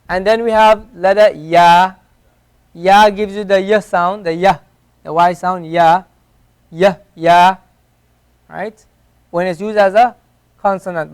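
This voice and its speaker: A man's voice: sits high, smooth. A man teaching an Arabic class, patiently repeating each letter sound to demonstrate its pronunciation. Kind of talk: classroom lesson. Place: classroom at an Islamic center.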